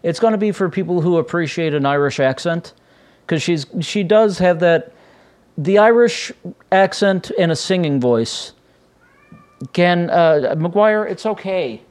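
A chatty man hosts his podcast alone from a room at home, his voice sitting a little high for a man. He rambles along in a loose, casual way, often stopping to restart a thought. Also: animated, measured pace, darkish tone. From United States. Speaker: podcast host. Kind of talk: casual solo podcast chat.

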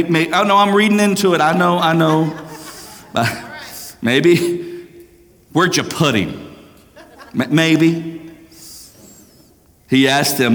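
Impassioned male pastor in a reverberant sanctuary. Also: mid-range voice. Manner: impassioned preaching, swinging between raised and hushed. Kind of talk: sermon. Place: church sanctuary. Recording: long hall reverb.

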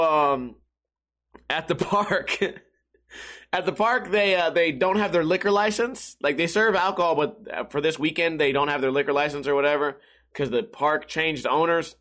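Chatty young man with a higher voice. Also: fairly bright tone. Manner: rambling, profane, chuckles at his own jokes. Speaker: vlogger. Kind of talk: casual storytelling to camera.

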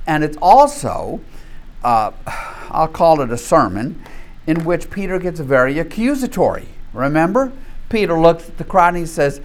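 Man, Bible study teacher, conversational, animated storyteller, a bit high-pitched. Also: moderate pace. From North Louisiana, US. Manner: conversational, often checks in with the group.

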